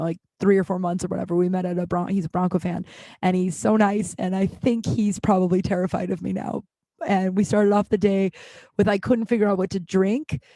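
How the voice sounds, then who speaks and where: A woman's voice: mid-range voice, darkish tone, no room sound. A woman hosting her own podcast in casual solo chat, rambling and self-deprecating, swearing freely with lots of ums and restarts. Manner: frequent filler words and restarts. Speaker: podcast host.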